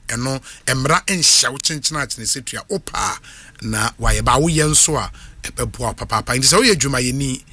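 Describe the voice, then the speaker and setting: A man with a Ghanaian accent hosting a radio show in a studio, leaning hard on key phrases and drawing them out slowly. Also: medium pitch, sharp tone, no room sound. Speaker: radio host.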